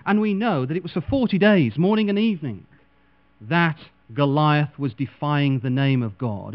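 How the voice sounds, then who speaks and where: Man preacher, animated and dramatic, fairly high voice, lo-fi recording with mains hum. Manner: dramatic, voices quoted figures with big swings in pitch and loudness. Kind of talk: sermon.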